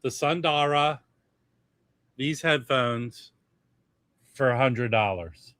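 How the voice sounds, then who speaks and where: A man's voice: mid-range voice, takes it slowly, fairly bright tone, no room sound. A man hosting a livestream in casual chat, chatty and hopping between topics. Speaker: livestream host.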